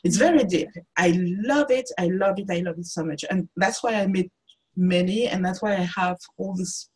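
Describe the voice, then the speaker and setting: A woman's voice: lowish voice, moderate pace, darkish tone, breathy edge, low-quality recording. A woman artist speaking as a guest on a video-call interview, thoughtful and searching for her words. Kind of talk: reflective interview talk.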